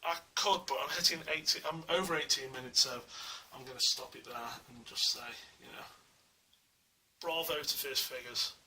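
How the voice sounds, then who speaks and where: Bright and forceful, a man's medium-pitched voice moves at a moderate pace as he gives an enthusiastic, rambling, filler-heavy review of a collectible statue from his home. The audio comes from a distant small camera mic and carries faint hiss.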